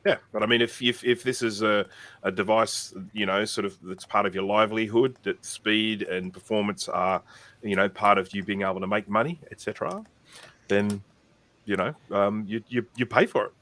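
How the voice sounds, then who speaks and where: An older man with an Australian accent chatting on a tech podcast, measured and hesitant, often repeating words as he thinks. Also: lowish voice, a bit bright, no room sound. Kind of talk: casual tech podcast chat.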